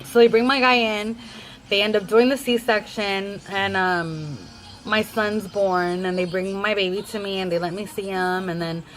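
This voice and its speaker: A woman's voice: mid-range voice, fairly even intonation, a little slow, fairly bright tone, low-quality recording. A young adult woman vlogger rambling through a casual storytime in a chatty way.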